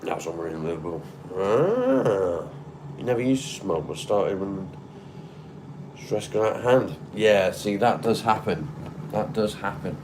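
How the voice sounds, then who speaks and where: Man, deep low voice, laid-back livestream host, home room with clear background noise. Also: very animated, measured pace. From North West England. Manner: laid-back, sighing, hums to himself between comments. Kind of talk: casual livestream chat, reading and answering viewer comments.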